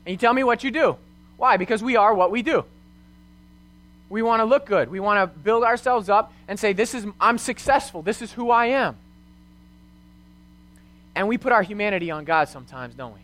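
High-voiced young man preaching a sermon. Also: lively intonation, fairly quick, a bit bright. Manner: earnest, storytelling with rhetorical questions. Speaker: youth pastor.

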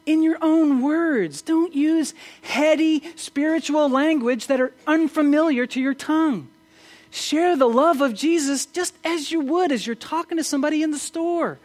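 A pastor giving a conversational Sunday-morning sermon in church, often asking rhetorical questions and stumbling into quick restarts. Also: high-pitched. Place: church service.

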